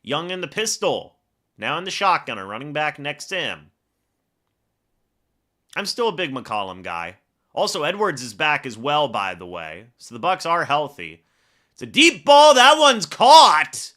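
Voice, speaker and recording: Hosting a live fan reaction stream, a man calls each play like a broadcaster, then chats with viewers between snaps. His fairly high voice is bright and forceful, very animated, at normal speed.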